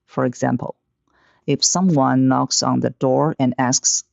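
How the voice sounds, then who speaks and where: A man delivers a scripted language lesson at an unhurried, measured pace, his voice carrying a gravelly, creaky edge. The sound is dry and close, with a dull, slightly lo-fi quality. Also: mid-range voice, little pitch movement, no echo. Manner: slow, deliberate, instructive. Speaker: Mandarin pronunciation teacher.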